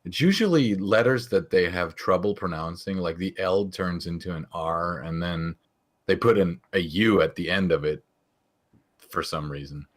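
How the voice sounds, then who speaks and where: A man's voice: low-pitched, normal speed. A man co-hosting a live game design stream, teasing his partner and reading viewer messages aloud. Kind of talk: casual chat.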